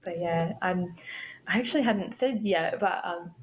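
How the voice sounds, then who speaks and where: A young woman telling a personal story as a podcast guest, unhurried and reflective. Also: on the low side, a little hiss or hum, rough recording. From Australia.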